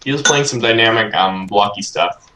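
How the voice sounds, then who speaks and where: A man's voice: fairly low pitch, normal speed, pushed and bright. A man giving laid-back, analytical co-commentary on a game match, hedging with ums. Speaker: esports co-commentator. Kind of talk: casual live-stream commentary. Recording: echoey room on a stream mic.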